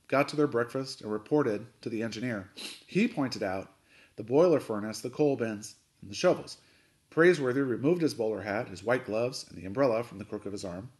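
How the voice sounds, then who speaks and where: A man, a coach, reading a chapter book aloud with expressive storytelling narration. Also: mid-range voice.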